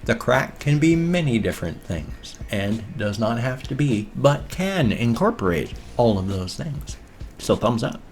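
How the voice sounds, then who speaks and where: A man in his fifties with an American accent, chatting casually in a vlog, playful with deadpan jokes. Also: mid-range voice, a little hiss or hum. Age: 50s. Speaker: vlogger. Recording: faint music behind.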